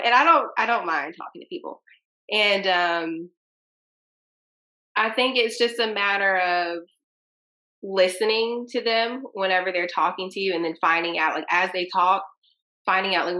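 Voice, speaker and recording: Young woman, bright forceful tone, from Tennessee, casual interview guest, animated storyteller. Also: medium pitch. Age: young adult. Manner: animated, acts out both sides of conversations in quoted voices. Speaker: county commissioner, interview guest.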